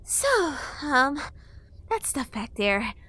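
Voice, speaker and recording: Audiobook fairy: a woman doing a pushy young girl sprite, stammering and sarcastic, pitched up high. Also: big pitch swings, extremely slow, sharp tone, exaggerated voice. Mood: pushy, flustered. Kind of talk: audiobook character voice.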